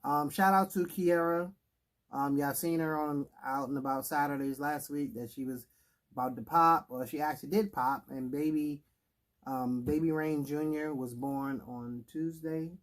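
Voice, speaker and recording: A man's voice: on the high side, steady tone, moderate pace. A man co-hosting a casual chat, talking in a loose, rambling way with many fillers and restarts. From Washington, D.C. area. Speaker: podcast co-host.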